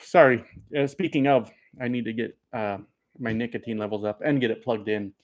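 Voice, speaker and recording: A man's voice: mid-range voice, a little fast. A man who drives trucks chatting casually with viewers, rambling and swearing, a bit tipsy from beers. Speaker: trucker streamer. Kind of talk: casual live chat answering viewers.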